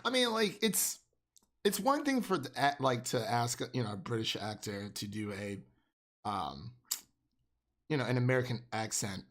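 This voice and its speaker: A man's voice: mid-range voice, lively intonation, normal speed, fairly bright tone. Male co-host, rambling casual talker, full of fillers and restarts. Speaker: podcast co-host. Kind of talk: casual chat.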